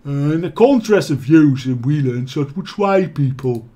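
A man plays a male half-orc adventurer from a video game in his plain voice, casual and a bit hesitant, pitched slightly high. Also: lively intonation, normal speed, dark tone.

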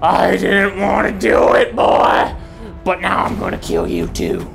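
A man talks through a game in a jokey, rambling way and keeps breaking into panicked shouts. His pitch jumps around a lot, and soft music runs underneath. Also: huge pitch swings, a little slow, creaky. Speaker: VR gaming YouTuber. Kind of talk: gameplay commentary.

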